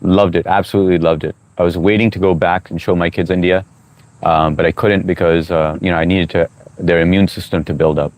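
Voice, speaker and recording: A man's voice: low-pitched, level tone, fairly quick, a little mellow. A middle-aged man hosting a casual livestream outdoors, reading viewer comments aloud, joking and chatting while he eats. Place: outdoors on a walk.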